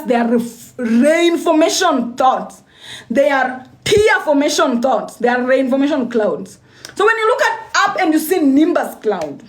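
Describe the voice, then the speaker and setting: A young woman giving a motivational talk on a livestream, repeating lines for emphasis and often restarting her sentences. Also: high voice. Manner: repetitive and emphatic, with frequent restarts. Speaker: motivational speaker.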